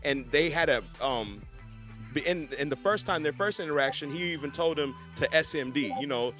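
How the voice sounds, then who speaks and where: A fairly high-voiced man chats casually on a podcast and retells events in a lively, conversational way. Faint music runs in the background. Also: brisk.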